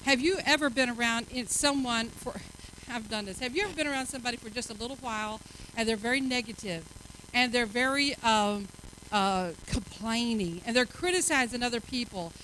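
A woman preaching a sermon, chatty and folksy at first, then rising to loud, fervent declarations. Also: on the high side, fairly quick, slight background noise, poor audio.

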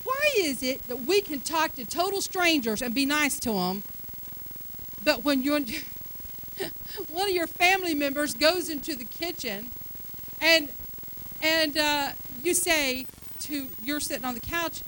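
High, bright-voiced woman preacher. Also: measured pace, slight background noise, rough recording. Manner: animated preaching, acts out everyday dialogue; soft, hushed invitation at the close. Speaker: pastor. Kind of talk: sermon with altar call.

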